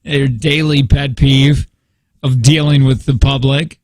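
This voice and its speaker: A man's voice: mid-range voice, flat delivery, slow pace, no room sound. A man in his forties hosting a morning radio show, chatty and telling stories in casual banter. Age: 40s. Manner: chatty, storytelling, laughs easily. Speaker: radio host. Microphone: studio mic.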